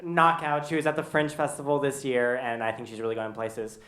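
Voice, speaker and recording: A man's voice: mid-range voice, little pitch movement, fairly quick. A man hosting a comedy night, enthusiastically introducing the next comedian. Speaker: host. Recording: echoey club with loud crowd and noise.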